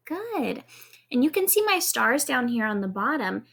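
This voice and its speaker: A woman teaching kindergarten in a video lesson, encouraging and clear, spelling out letters one at a time for young children. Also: on the high side, very animated, a little slow, fairly bright tone.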